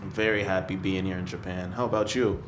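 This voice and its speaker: A man's voice: low-pitched, little pitch movement, quick pace. A man co-hosting a podcast, talking in a laid-back, slangy way and reacting often. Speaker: podcast co-host. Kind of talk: casual chat. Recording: echoey room with faint background noise.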